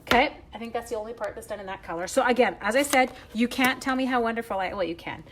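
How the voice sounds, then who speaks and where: Woman, middle-aged, chatty live craft demo, fairly high voice, faint background noise. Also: quick pace, a bit bright. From Canada. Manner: chatty, greets viewers by name, playful. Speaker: stamping demonstrator.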